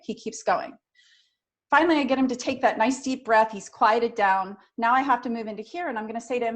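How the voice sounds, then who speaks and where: A middle-aged woman runs a training session for front office staff. She talks in a direct, energetic coaching tone, and her voice sits a little high. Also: normal speed. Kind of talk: training talk.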